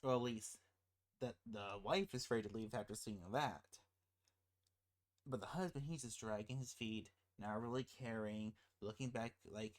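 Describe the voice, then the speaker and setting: A movie commentator in a casual spoiler rant, rambling and cutting in on themself with laughing asides, and getting loud and excited when frustrated. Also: medium pitch, normal speed.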